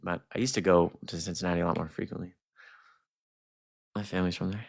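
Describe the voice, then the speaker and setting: A young man hosting a casual livestream, talking to chat in a rambling, animated way with plenty of swearing. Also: sits low, quick pace, gravelly. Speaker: streamer.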